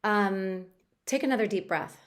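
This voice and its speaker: A woman guiding a tapping session for stress relief, talking in a gentle, chatty coaching way with a few fillers. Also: mid-range voice, a little slow. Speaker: tapping practitioner.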